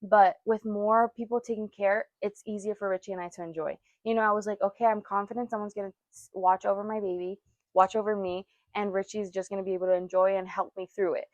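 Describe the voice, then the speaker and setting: A young woman co-hosts a casual podcast chat, telling a personal story in a mid-range, flat voice at a fast clip. She's chatty, laughs often, and acts out the quoted voices. The recording is dry, with no room sound.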